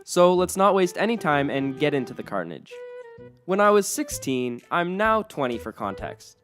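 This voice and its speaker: A woman narrating Reddit stories aloud in a wry, lively storytelling manner. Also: sits low, moderate pace, faint music behind.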